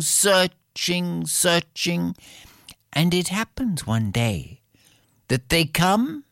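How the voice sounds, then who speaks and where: A storyteller telling a folktale aloud with a rhythmic, repetitive delivery and dramatic pauses. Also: mid-range voice, a bit bright, dry recording, clean studio sound.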